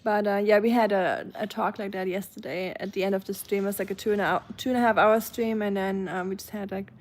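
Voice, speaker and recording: A woman's voice: medium pitch, fairly even intonation, a little fast. A woman from Germany with a German accent, chatting casually on a live stream and answering her chat's comments.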